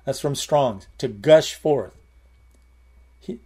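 A middle-aged man preaching a sermon in a conversational way, repeating and restarting words and slowing down to stress key lines. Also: a little high, expressive, darkish tone.

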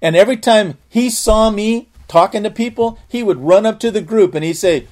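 A man's voice: on the high side, fairly quick, few pauses, darkish tone. A man preacher telling a personal testimony in a sermon, earnest and full of restarts. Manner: earnest storytelling, frequent restarts.

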